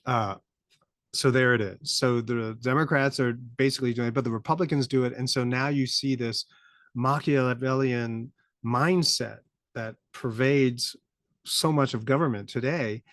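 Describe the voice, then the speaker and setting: A middle-aged man hosts a podcast in casual commentary, his voice sitting at a mid pitch. The recording is close and dry, with no room around it. He rambles, laughs in disbelief and climbs to incredulous peaks. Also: steady tone, unhurried, fairly bright tone, no room sound. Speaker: podcast host.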